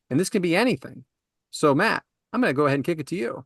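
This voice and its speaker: Man, high-pitched, podcast host, animated ranting, dry close sound. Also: fast talker, creaky, no echo. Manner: animated ranting storyteller, laughs often. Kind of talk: casual podcast chat.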